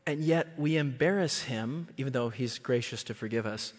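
A man preaching a sermon in a church, telling stories animatedly and jumping into high voices to act out scenes. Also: normal speed, in a large hall. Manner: animated, jumps into high squeals when acting out scenes. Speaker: guest preacher. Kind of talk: sermon with storytelling.

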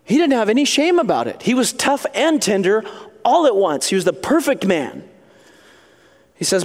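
A man's voice: high voice, sing-song, normal speed. A male pastor preaching a sermon in an earnest, conversational storytelling manner. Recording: long hall reverb.

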